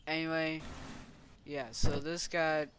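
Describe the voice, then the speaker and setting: A young man slowly retelling a story in a slightly high voice, rambling and correcting himself. Steady noise runs under the home recording. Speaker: channel host.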